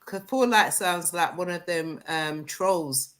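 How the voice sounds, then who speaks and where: A woman hosts a relaxed online panel discussion. Her voice sits a touch low and she talks in a loose, chatty way, keeping the conversation moving. She is heard through a video call. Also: slow pace, poor audio. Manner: chatty, moves the talk along. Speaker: chat show host.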